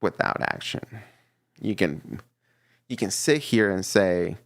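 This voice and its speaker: A man giving a casual tarot reading to camera, animated and teasing, often laughing and acting out little voices. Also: sits low, slow, vocal fry, no room sound, studio quality. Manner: teasing, playfully scolding. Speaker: tarot reader.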